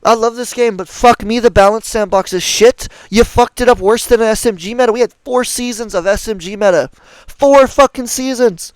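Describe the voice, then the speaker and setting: A man's voice: extremely high pitch, moderate pace, no echo, low-quality recording. A young man ranting angrily about a game's balance, profane and exasperated, as a streamer talking to his viewers. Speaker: gaming streamer. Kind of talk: ranting gameplay commentary.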